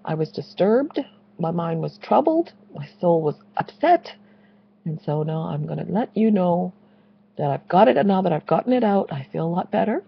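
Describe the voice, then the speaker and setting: A woman's voice: on the low side, sing-song, normal speed, vocal fry, slightly rough, lo-fi sound. A woman delivering an impassioned, preachy religious rant, repeating phrases for emphasis. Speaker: Christian video blogger.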